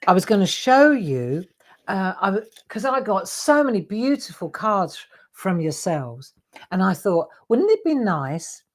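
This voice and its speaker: A woman's voice: medium pitch, very animated, a little slow. An older woman, a craft show host chatting casually and rambling to viewers during a livestream.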